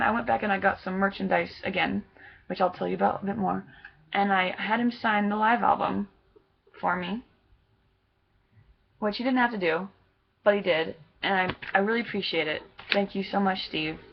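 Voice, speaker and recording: Young female fan vlogger, casual and gushing, rambles excitedly; voice has a gravelly fry, recorded on a dull lo-fi camera. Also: medium pitch. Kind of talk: casual chat recounting a concert meet-up.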